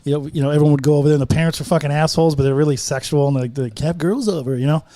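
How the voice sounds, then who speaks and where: A man's voice: on the high side, very fast, dark tone, no echo. A man, a guest comedian, telling rambling, profane stories on a podcast and acting out the voices of the people in them. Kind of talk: casual podcast storytelling. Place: podcast studio.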